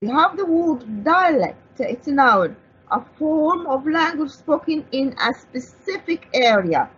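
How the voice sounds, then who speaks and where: A woman's voice: high-pitched, animated, measured pace, fairly bright tone. A woman with an Egyptian accent, an Arabic speaker teaching an English vocabulary lesson, who asks and answers her own questions as she explains each word. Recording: dull lo-fi broadcast audio.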